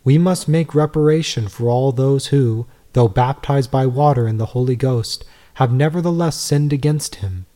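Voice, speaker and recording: Mellow-voiced man reading devotional text. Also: mid-range voice. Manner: measured, earnest, rhetorical questions. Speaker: reader.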